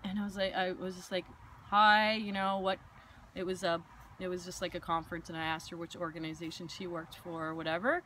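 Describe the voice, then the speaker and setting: A woman hosting a casual chat, telling a personal story with lively, acted-out asides. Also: fairly low pitch, fairly quick, a little hiss or hum. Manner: animated storytelling with acted-out quotes. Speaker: host.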